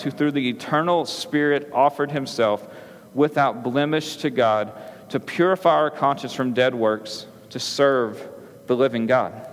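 A man in his thirties preaching a sermon in a church, talking conversationally and often checking in with "right?". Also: mid-range voice. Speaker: pastor. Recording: long hall reverb.

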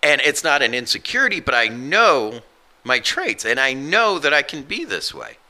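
A man's voice: medium pitch, wildly swooping pitch, normal speed, bright, forceful tone. A man in his forties talking casually and earnestly about his faith, blunt and self-deprecating. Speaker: co-host. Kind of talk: casual Christian podcast chat.

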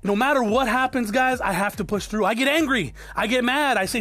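A man's voice: sits high, lively intonation, fairly quick, few pauses, pushed and bright, faint music behind. A man in his forties from South Tucson giving a blunt, profane motivational talk to his viewers. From South Tucson, Arizona. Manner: blunt, profane, preachy, addresses viewers as guys. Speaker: entrepreneur vlogger. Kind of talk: motivational monologue to camera.

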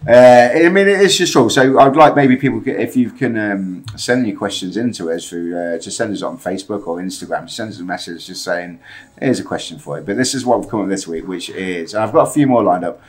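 A man hosting a casual podcast chat. His voice is fairly low, and he asks his questions hesitantly, stopping and restarting often. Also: a little fast. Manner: hesitant, full of fillers and restarts. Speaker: podcast host.

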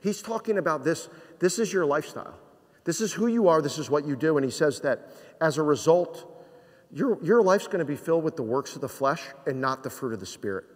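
A man from New Jersey delivering a sermon, his voice carried by a long hall reverb. He preaches in a conversational way, full of rhetorical questions, and his voice sits a little high for a man. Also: lively intonation, fairly quick. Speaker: pastor.

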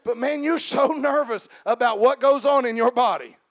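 A high-pitched man delivers a sermon straight to his congregation. He swings from slow, shouted emphasis to quiet, joking asides. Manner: addresses the congregation directly with humor. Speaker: preacher.

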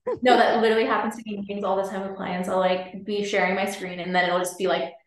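A woman's voice: medium pitch, steady tone, quick pace. A woman podcast host chats casually and says "like" often. The recording is very echoey, as if from a bare room over a video call. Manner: informal, uses "like" a lot. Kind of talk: casual interview chat.

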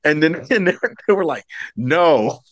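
A man's voice: a little high, fast talker, no room sound, lo-fi sound. A man hosting a podcast, telling stories in a casual chat, laughing often and acting out the people he quotes. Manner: animated, laughing, acts out quoted voices. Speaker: podcast host.

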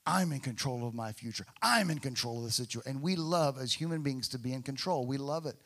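A man preaching a sermon as a pastor, talking casually to the congregation, rising to emphatic peaks and dropping to quiet, hushed prayer. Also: medium pitch, fast. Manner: acts out quoted voices and prayers.

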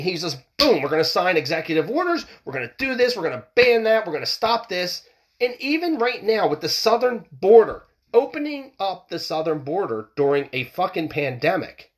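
A man delivering a fired-up, profanity-laced rant. His voice sits a little high and swings widely in pitch as he pushes his points. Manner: heated, profane, ranting, repeats himself. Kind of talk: political rant monologue.

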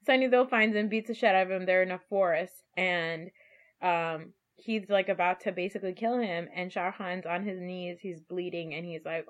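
A woman co-hosting a casual film chat, animated and laughing, acting out scenes from the movie as she retells it. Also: on the low side, moderate pace, muffled recording. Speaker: podcast co-host.

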